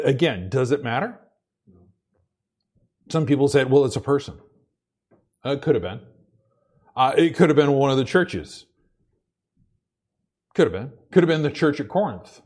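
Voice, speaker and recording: A pastor from the Pacific Northwest preaches a sermon in a conversational way, his mid-range voice carrying a darkish tone. He stumbles over repeated words as he starts sentences and builds his points, laughing between them.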